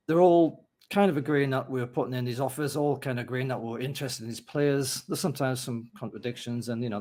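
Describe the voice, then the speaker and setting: A man's voice: medium pitch, darkish tone. A man hosting a casual podcast, joking and swearing freely with plenty of fillers. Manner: chatty, joking, profane, many fillers. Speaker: podcast host.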